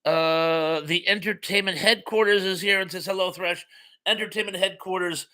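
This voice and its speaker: A man's voice: sits high, fairly even intonation, normal speed, sharp tone. A man hosting a live stream, chatting casually as he reads out viewer comments in a friendly, rambling way with many fillers.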